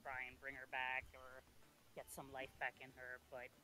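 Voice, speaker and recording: A man's voice: mid-range voice, completely flat delivery, normal speed, pushed and bright, poor audio. A man playing in a tabletop game, describing what his character does in a hesitant way with many fillers. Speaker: player.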